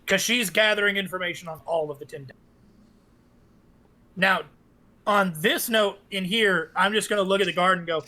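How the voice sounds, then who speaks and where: A man playing a tabletop game, laying out his character's schemes in a deliberate, talkative way. His voice is high for a man and sounds bright and forward. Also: rough recording. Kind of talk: casual game chat.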